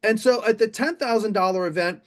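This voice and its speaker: High-voiced middle-aged man giving a keynote. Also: fairly quick. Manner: animated, addresses the audience directly. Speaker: motivational speaker. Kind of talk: storytelling keynote to a live audience. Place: stage before a live audience.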